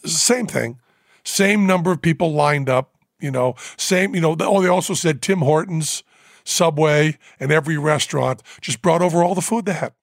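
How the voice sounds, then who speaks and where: A man hosting a podcast, telling a rambling story with fillers and quick laughs. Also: on the high side, vocal fry, no echo. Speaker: podcast host. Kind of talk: casual storytelling. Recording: dry close studio mic.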